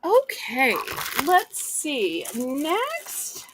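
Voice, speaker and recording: A woman's voice: high voice, wildly swooping pitch, extremely slow, noisy background. A woman hosting a live online auction, with chatty, folksy sales patter and a voice she says is wearing out. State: losing her voice. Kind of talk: live-stream selling chat.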